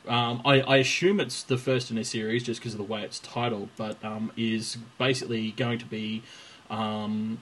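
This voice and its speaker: A man's voice: on the low side, moderate pace, a little hiss or hum, rough recording. A man co-hosting a podcast, chatting casually, laughing often and acting out quotes as he tells stories. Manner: laughing, animated storyteller who acts out quotes. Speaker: podcast co-host. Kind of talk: casual chat.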